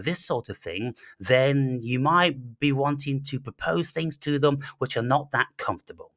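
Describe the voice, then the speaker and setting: A man's voice: mid-range voice, a bit bright, no echo, studio quality. A man hosting a blunt, profane monologue, full of fillers and restarts. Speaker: channel host. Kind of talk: ranting monologue.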